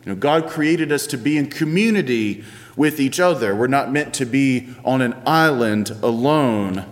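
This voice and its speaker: A man's voice: mid-range voice, expressive, normal speed. Male pastor, 30s, chatty storytelling sermon, long church reverb. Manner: conversational, playful storytelling with varied pace.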